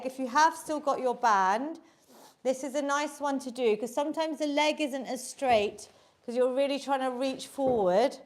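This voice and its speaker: A woman fitness instructor leading a live online workout class, giving upbeat, encouraging coaching cues. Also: high voice.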